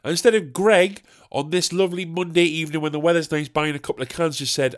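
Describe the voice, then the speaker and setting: A man's voice: on the high side, quick pace. A British man hosting a solo comedy podcast, ranting in a sweary, rambling way. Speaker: podcast host.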